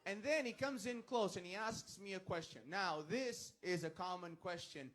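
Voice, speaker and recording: A man's voice: high-pitched, normal speed, fairly bright tone. A man from Portugal doing standup with a dry, hesitant, self-deprecating delivery. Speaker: standup comedian. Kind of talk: standup storytelling. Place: comedy club stage.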